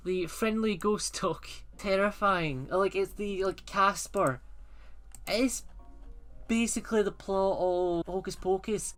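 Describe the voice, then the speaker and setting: A man ranking films in a rambling, excitable and sarcastic casual chat. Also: high voice, slow pace, soft background music.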